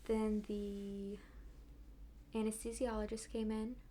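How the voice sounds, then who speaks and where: A woman, a midwifery student and podcast guest, telling a story in a casual, animated way and sometimes dropping to a whisper. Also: mid-range voice, slow, slight background noise. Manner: animated retelling, drops into whispers.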